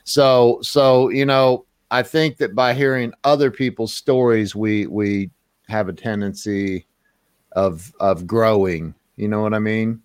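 A man's voice: fairly low pitch, steady tone, measured pace, clear, resonant tone, no echo. A man hosting an interview show, talking casually and rambling with repeated words and fillers. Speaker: host.

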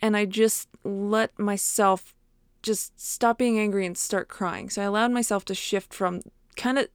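A young woman talks in a relaxed, conversational way, coaching her listeners through handling emotions. She often acts out her own inner self-talk and leans on fillers like "like" and "you know". Her voice sits at an ordinary pitch, and the recording is dry and close, with little room sound. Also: a little slow, clean tone, dry recording. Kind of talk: casual podcast monologue.

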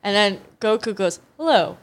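A young woman hosting a comedy podcast, recapping an anime with animated storytelling, quick character impressions and swearing. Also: on the high side.

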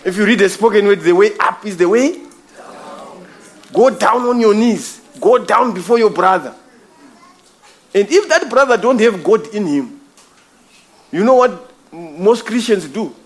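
A man's voice: high-pitched, lively intonation, a little slow, long pauses. A man preaching a sermon, emphatic and repetitive, calling his listeners brother. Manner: emphatic, repeats phrases, addresses listeners as brother.

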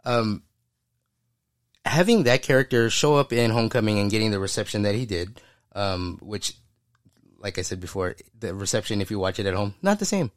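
A man's voice: fairly low pitch, lively intonation, moderate pace, no room sound, clean studio sound. A man co-hosting a casual pop-culture podcast, talking enthusiastically, rambling and often laughing. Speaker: podcast co-host. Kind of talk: casual chat.

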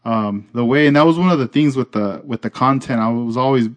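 A man's voice: medium pitch, brisk. A man hosting a podcast, chatting in an easygoing way and thinking aloud with likes and restarts. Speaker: podcast host. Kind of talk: casual chat.

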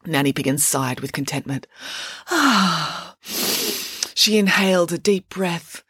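A woman narrating a children's audiobook in a lively, expressive way. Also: sits low, moderate pace, husky, no room sound, clean studio sound.

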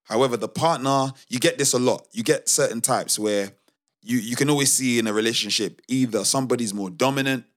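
A young man co-hosting a podcast, telling work stories in a casual, animated, slangy way with many restarts. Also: medium pitch, fairly quick. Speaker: podcast co-host. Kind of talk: casual storytelling chat.

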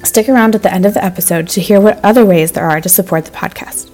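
A woman hosting a children's story podcast, telling the story in a lively, friendly way to young listeners. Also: mid-range voice, fast, soft background music, poor audio.

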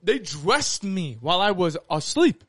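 A man's voice: high-pitched, sing-song, measured pace, crowd noise. A man co-hosting a casual podcast, telling profane stories with a lot of swearing and laughing at his own jokes. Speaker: podcast co-host. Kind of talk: crude casual chat.

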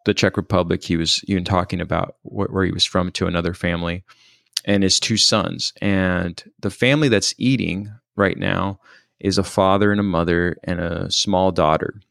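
A man with a very low voice full of gravelly fry talks through a personal story. He is thoughtful and hesitant, often pausing and restarting. The recording is dry and close. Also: steady tone, a bit bright, no echo. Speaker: storyteller recounting a personal experience.

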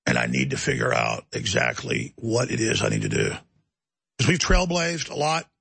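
Gravelly, forceful ranting talk-show man. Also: medium pitch, huge pitch swings, moderate pace, dry recording. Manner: ranting, emphatic and heated. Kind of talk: impassioned talk-show monologue.

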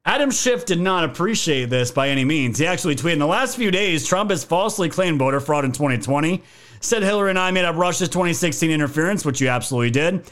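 A man's voice: fairly high pitch, animated, fast talker, a bit bright. A man hosting a podcast, giving casual political commentary in a joking, profane way. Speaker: podcast host.

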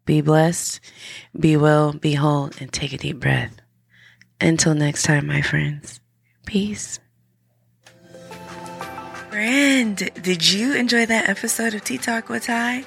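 A woman's voice: sits low, slow, vocal fry, pauses often, breathy edge, soft background music. A woman hosting a podcast, talking through an earnest, encouraging motivational monologue with frequent restarts. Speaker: podcast host.

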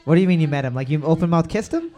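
A man hosting a trivia music round, calling out answers loudly and joking between questions. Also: fairly high pitch, expressive, rapid-fire. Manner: loud repeated calls of "boards up", joking asides. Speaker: trivia host. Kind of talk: casual podcast banter, running a music round.

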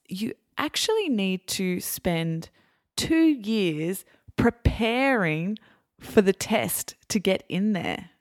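An Australian woman hosting a podcast, explaining clearly and deliberately before interviewing a guest. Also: medium pitch, no echo, studio quality. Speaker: podcast host.

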